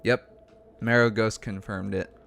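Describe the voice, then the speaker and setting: A man's voice: on the low side, steady tone, a little slow, creaky, a bit bright, slight background noise. A man co-hosting a casual livestream, laughing often and reading viewer comments aloud. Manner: giggly, reads chat comments aloud. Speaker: co-host.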